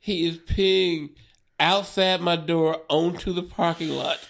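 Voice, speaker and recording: Animated man telling a wild road story. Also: fairly high pitch, slow, gravelly. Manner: animated, profane, laughing through the story; acts out drunk friend in quoted voices. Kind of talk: casual storytelling chat.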